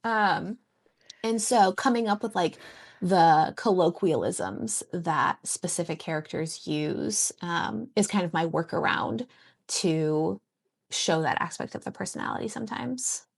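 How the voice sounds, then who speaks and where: Thoughtful woman writer, low voice. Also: lively intonation, measured pace, vocal fry, breathy edge. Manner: thoughtful, trails off and restarts while thinking. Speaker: writer and writing teacher. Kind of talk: casual podcast chat.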